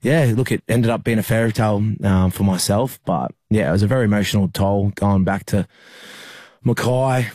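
A young Australian man, a rugby league player, recalling a hard time in an interview, halting with many fillers and restarts. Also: on the low side, a little mellow, no echo, studio quality. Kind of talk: emotional interview recollection.

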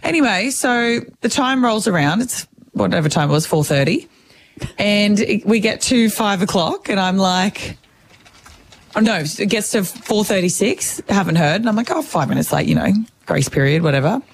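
A young woman co-hosting a radio podcast, telling a story in animated, casual chat. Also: medium pitch, normal speed, vocal fry, a little hiss or hum. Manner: animated, swearing, self-interrupting.

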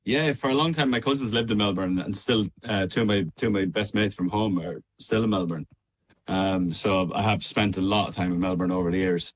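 A young Irish man with a midlands accent speaks in a fairly low voice. He sounds easygoing on a radio interview call, talking casually with plenty of ums, restarts and quick laughs. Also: slight background noise. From Ireland. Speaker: guest singer. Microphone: remote call.

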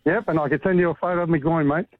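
A man's voice: on the high side, steady tone, racing. A man with an Australian accent calling in to a radio show, telling his story in a blunt, laconic way. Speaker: caller. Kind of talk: casual phone-in story. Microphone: phone. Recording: tinny phone line.

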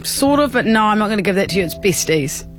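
An Australian woman co-hosting a radio show, playful and quick, laughing often. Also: medium pitch, animated, soft background music. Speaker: radio co-host. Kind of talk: breakfast radio banter.

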